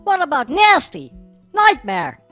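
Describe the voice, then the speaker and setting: A stubborn, grumpy cartoon frog snaps back in a very high, shrill voice. The pitch bounces between indignant peaks, and light music plays behind. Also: female voice, huge pitch swings, a little slow, fairly bright tone, no echo, exaggerated voice.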